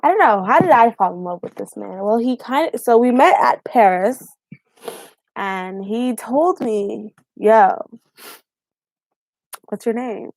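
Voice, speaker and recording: A woman's voice: a little high, lively intonation, unhurried, darkish tone, no room sound. A young woman from Haiti, a YouTube vlogger, telling a story in casual live-stream chat with fillers and laughs.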